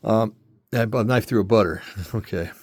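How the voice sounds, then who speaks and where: A man's voice: on the low side, measured pace, a little mellow, husky, no echo, clean studio sound. An older man casually demonstrating a tool, rambling and correcting himself often, a little out of breath. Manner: rambling, self-correcting, lots of fillers. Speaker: metal casting hobbyist showing a tool.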